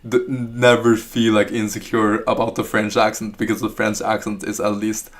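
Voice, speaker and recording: A man's voice: lowish voice, completely flat delivery, moderate pace. A man with a Norwegian accent chatting on a live stream, rambling and hesitant as he searches for words. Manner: rambling, hesitant, with fillers and restarts. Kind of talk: casual live stream chat.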